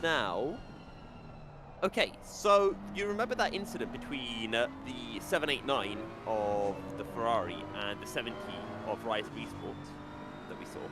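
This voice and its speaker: A man commentating a sim race, chatty and quick to laugh as he breaks down the running order. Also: medium pitch, lively intonation, over loud music.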